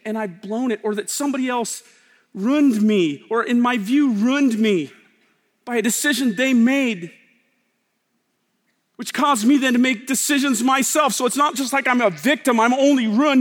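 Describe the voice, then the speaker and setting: A man preaching a sermon, swinging between loud emphasis and hushed, slow lines. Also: very high-pitched. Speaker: pastor. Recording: long hall reverb.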